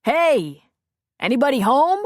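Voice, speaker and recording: A woman narrator voicing a young male Marine calling his wife, warm and teasing. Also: medium pitch, sing-song, a little slow, dry recording, studio quality, pitched above the performer's own voice. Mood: affectionate.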